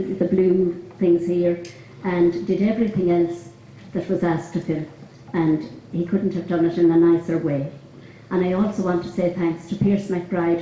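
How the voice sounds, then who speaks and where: A woman's voice: fairly low pitch, dark tone. Woman giving a club speech. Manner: chatty, humorous storytelling. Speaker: lady captain giving a speech. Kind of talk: after-dinner speech. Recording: echoey hall with crowd noise.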